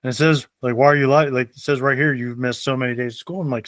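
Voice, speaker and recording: A man's voice: mid-range voice, fairly quick, fairly bright tone, no echo. A young man hosting a podcast, telling funny stories in casual chat and laughing often. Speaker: podcast host.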